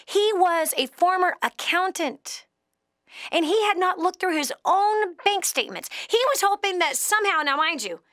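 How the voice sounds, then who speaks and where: A woman hosting a call-in advice show, talking bluntly and emphatically, scolding and coaching her caller, swinging from loud bursts to hushed tones. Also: sits high, dry recording, clean studio sound. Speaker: radio show host giving financial advice to a caller.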